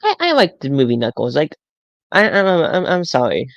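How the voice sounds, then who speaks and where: Man, casual live-stream chat, rambling, stammering, gravelly fry, dry close sound. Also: on the high side, huge pitch swings, a little fast, no room sound, highs cut off. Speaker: toy collector streamer.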